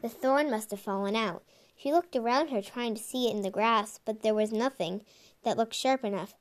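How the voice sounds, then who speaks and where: A woman reading an animal storybook aloud in a lively, expressive way. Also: a little high, normal speed. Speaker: reader.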